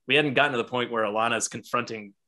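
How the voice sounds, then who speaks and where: Excitable bright-toned guy, podcast co-host, acts out quotes and swears freely. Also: mid-range voice, fast talker. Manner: excited, heavy swearing, acts out characters' lines. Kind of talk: casual comic book discussion.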